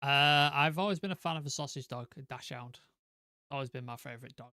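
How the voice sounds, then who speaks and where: A man's voice: medium pitch, a little fast, bright, forceful tone, clear, resonant tone, no echo, clean studio sound. A man co-hosting a football fan show, talking in a casual, blunt and sweary way. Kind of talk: casual chat.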